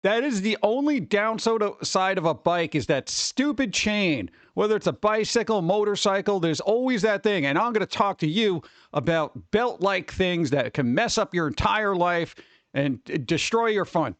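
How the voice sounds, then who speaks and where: A man hosting a livestream, chatting casually and rambling excitably with viewers, often laughing. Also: sits high, normal speed, dry recording. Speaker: livestream host. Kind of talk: casual chat with live viewers.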